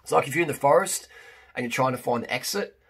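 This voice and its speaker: A man's voice: mid-range voice, quick pace, a bit bright, slightly rough. A man talking casually to camera as a fitness vlogger and coach, emphatic and blunt, with many restarts.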